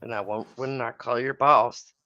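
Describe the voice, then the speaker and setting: Woman, low voice, bright tense tone, blunt and swearing, dull lo-fi sound. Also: steady tone, moderate pace, no echo. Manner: blunt, profane. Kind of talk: casual chat.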